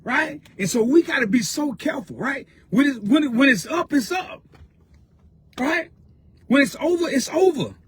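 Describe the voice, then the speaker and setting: With a very high, lively voice at normal speed, a man preaches fervently as a motivational mentor, hammering his points home again and again in colloquial language. There's slight background noise.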